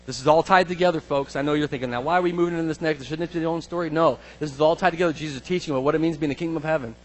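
A man preaching a sermon, dramatic, acting out scripture voices and swinging between hushed lines and shouts. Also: on the high side, very fast, low-quality recording.

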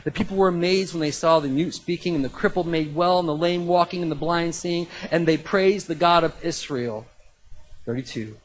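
A man preaching a sermon in a conversational, animated way, with sudden jumps in pitch and loudness. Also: moderate pace, poor audio. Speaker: pastor.

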